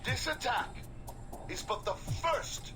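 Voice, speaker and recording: A man's voice: extremely high pitch, animated, slow pace, full character voice. An actor playing a male terrorist leader in a game, giving a solemn, grandiose threat in a put-on foreign accent. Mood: menacing. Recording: game audio with music behind.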